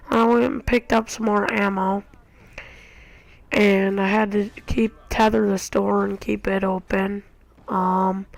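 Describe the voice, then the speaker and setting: A woman giving casual gameplay commentary, excitable and acting out her own reactions. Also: mid-range voice, vocal fry, poor audio. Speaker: gamer. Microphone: console share recording.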